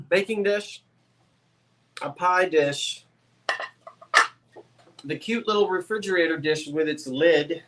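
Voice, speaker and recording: Male co-seller, slightly high voice, playful chatty live-sale pitch. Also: a little hiss or hum. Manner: chatty, joking sales patter.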